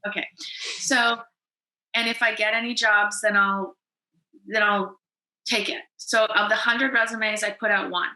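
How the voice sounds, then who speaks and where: Woman, from Canada, 40s, podcast guest, animated storyteller, bright tone, roomy echo. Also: mid-range voice, measured pace, long pauses. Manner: lively, animated storyteller acting out her past self. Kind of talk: storytelling in a casual interview.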